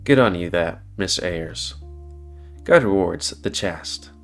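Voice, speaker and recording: A man acting out a gruff older father in a game story, dry and probing. He drawls slowly in a low register. Quiet guitar lingers behind him. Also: animated, exaggerated voice. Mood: drawling.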